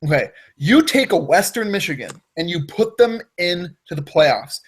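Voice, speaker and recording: A husky-voiced man with a fairly high pitch holds the floor in a casual sports debate. He explains his case at length and insists on finishing his point. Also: big pitch swings, normal speed. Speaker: podcast co-host.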